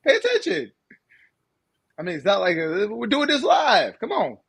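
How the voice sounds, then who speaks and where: A man's voice: high voice, very animated, normal speed, gravelly, fairly bright tone, husky. A man co-hosting a live podcast in casual chat, laughing often and acting out mocking voices. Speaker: podcast co-host.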